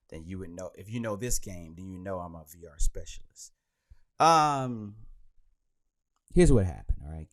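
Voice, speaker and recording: A man hosting a podcast live, chatting casually and rambling, speaking into a handheld mic. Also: low-pitched. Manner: animated and rambling, with many restarts. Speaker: podcast host. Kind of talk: casual chat on a live stream.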